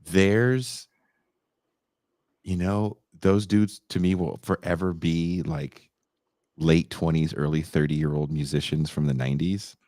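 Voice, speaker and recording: A man's voice: low voice, fairly even intonation, takes it slowly, darkish tone, dry recording, clean studio sound. A man co-hosting a podcast in casual chat, swearing freely, laughing often and acting out quotes. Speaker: podcast co-host. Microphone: desk mic with sound board.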